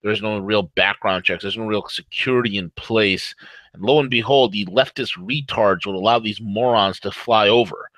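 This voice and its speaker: A wired, fast-ranting man co-hosts a morning talk show, jumping between sponsor reads and heated commentary. His voice is bright and forceful, and it sits close and dry on the microphone with no room around it. He laughs between his points. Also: fairly low pitch, no echo, rough recording. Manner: fired-up, rants loudly, jokes and laughs. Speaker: co-host.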